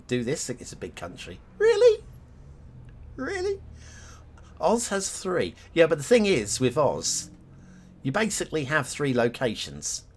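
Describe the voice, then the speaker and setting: Slow, lively-voiced male streamer. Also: mid-range voice. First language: not English. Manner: chatty, laughing, thinks aloud to chat. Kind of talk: live game stream chat.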